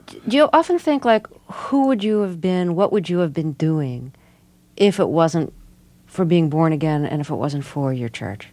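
A woman interviewing a guest for radio, asking gentle, probing questions. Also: deep voice, expressive, normal speed, no room sound. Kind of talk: broadcast interview.

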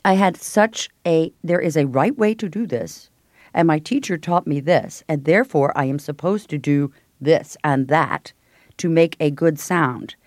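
A middle-aged woman voice teacher answering an interviewer, talking in an animated, explanatory way. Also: sits low, measured pace, no room sound, studio quality. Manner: animated, explanatory, breaks into sung vowels. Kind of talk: interview answers with vocal demonstrations.

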